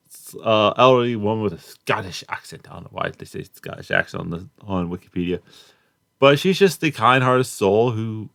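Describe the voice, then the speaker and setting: Deep-voiced man rambling about cartoons. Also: gravelly, a bit bright, no echo, studio quality. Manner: rambling, halting, many fillers and restarts. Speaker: cartoon reviewer. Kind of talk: casual spoken review.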